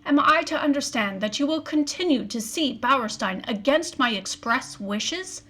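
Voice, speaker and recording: A woman reading aloud, voicing an upset middle-aged husband who raises his voice in forceful outbursts. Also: high-pitched, animated, unhurried, full character voice. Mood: angry.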